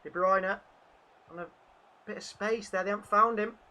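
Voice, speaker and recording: A man's voice: high voice, fairly even intonation, normal speed, bright, forceful tone, a little hiss or hum. A man hosting a live fan commentary stream, calling the match and reading out viewer chat. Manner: chatty, reads out viewer chat between play calls. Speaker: fan channel host.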